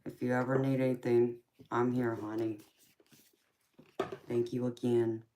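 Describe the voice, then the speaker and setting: A woman reading tarot on a live stream, chatting casually with viewers and calling them sweetheart and honey, murmuring quietly as she tidies her cards. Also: a bass voice, level tone, measured pace, long pauses, background noise.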